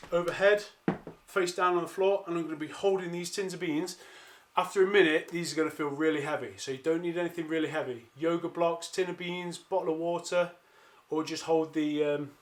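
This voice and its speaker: High-voiced fitness coach. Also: male voice, fairly even intonation, brisk. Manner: encouraging, counts down reps, trips over words. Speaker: calisthenics coach. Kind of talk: follow-along workout instruction. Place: home during lockdown, exercising on the floor. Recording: echoey room.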